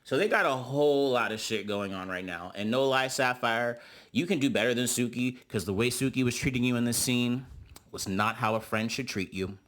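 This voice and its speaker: A man's voice: normal speed, fairly bright tone. A man giving a sassy, gossipy recap of a reality TV episode, calling his listeners honey and girl. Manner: mimics cast members in high voices. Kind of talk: casual recap commentary.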